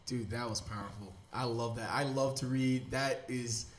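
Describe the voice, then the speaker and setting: A man's voice: medium pitch, fairly even intonation, moderate pace, a little hiss or hum. A man hosting a podcast in casual chat, enthusiastic and rambling with slang. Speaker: podcast host.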